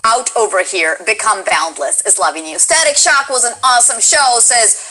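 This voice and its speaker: A woman's voice: fairly high pitch, moderate pace, bright, forceful tone, poor audio. A woman hosting a casual interview chat as an eager, enthusiastic fan. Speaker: stream host and voice actress.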